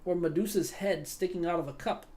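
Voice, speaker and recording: A woman's voice: on the low side, fairly quick, dark tone. A young woman streaming a fantasy game, narrating role-play with giggles, swearing and easy distraction. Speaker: gaming streamer. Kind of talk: casual role-play gaming commentary.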